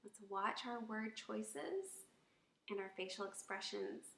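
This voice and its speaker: A woman's voice: mid-range voice, expressive, slow, gravelly, a bit bright. Woman advising wives on tone; demos each phrase; roomy echo. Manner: demonstrates tones by acting out examples. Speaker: marriage advice speaker. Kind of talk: instructional talk to wives.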